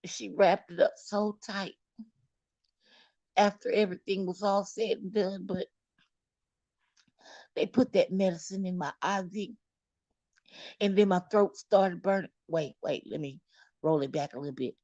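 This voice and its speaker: A woman's voice: mid-range voice, fairly even intonation, measured pace, pauses often, mellow, dry recording, highs cut off. A woman recounting a personal story to viewers in a candid, dramatic way, cursing freely. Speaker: storyteller vlogger.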